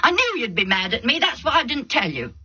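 A woman's voice: a little high, very animated, brisk, sharp tone, breathy edge, lo-fi sound, voice pushed up, full character voice. A woman voicing an impulsive young man who defends his plans to his parents in a raised, pleading tone. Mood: defensive.

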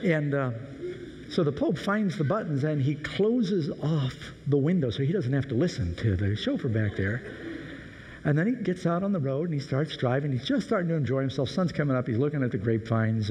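A man preaches in a relaxed, anecdotal storytelling way. His voice is mellow and dark, and a long hall reverb trails behind every phrase. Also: medium pitch, moderate pace. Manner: conversational, anecdotal. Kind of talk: sermon storytelling.

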